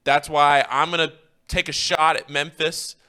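Man, sports co-host, opinionated picks, clear voice, bright tone. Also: fairly high pitch, flat delivery. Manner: quick, opinionated analysis. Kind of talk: casual sports talk.

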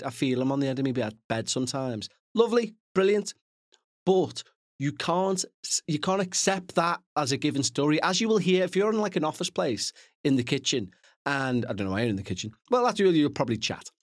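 A man's voice: a little high, no room sound, clean studio sound. A man hosting a podcast, chatting casually and rambling through asides, with the odd swear. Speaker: podcast host. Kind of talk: casual chat to listeners.

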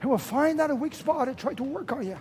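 High-voiced man preaching emphatically. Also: expressive, quick pace, a little hiss or hum. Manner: emphatic preaching with sudden loud bursts; repeats phrases for stress. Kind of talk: sermon.

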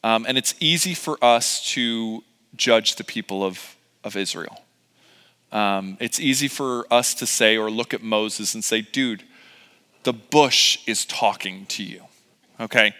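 Bright-voiced male pastor preaching in a hall. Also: lowish voice, a little slow. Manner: casual, joking, conversational preaching with many fillers. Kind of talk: sermon.

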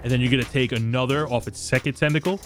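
A man's voice: mid-range voice, steady tone, fairly bright tone. Male game master, casual narration, music bed. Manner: descriptive, slow for effect, casual with fillers.

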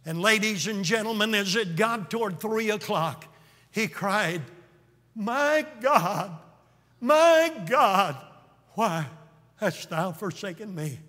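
Male revival preacher, high and bright, booming highs and hushed lows, long hall reverb. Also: unhurried. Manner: booming, swinging from hushed lows to shouted peaks. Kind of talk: dramatic revival sermon.

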